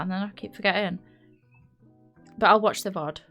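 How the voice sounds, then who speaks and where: A woman's voice: medium pitch, lively intonation, brisk, a bit bright, faint music behind. A woman with a Yorkshire accent chatting casually while streaming a building game, rambling and often correcting herself. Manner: rambling, chatty, frequent laughs and self-corrections. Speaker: live streamer.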